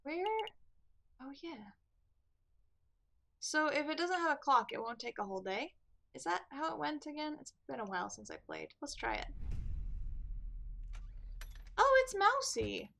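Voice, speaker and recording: Brief: bright, chatty woman gamer talking through her play, casual and self-mocking. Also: high-pitched, very animated, moderate pace, vocal fry, long pauses. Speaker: let's play host. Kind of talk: casual game commentary.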